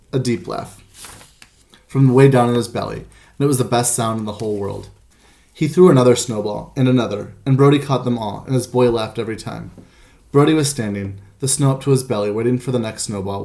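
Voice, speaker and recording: A man narrates a storybook in a measured, gentle way. His voice sits at an ordinary pitch and has a gravelly texture. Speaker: audiobook narrator. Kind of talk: scripted narration.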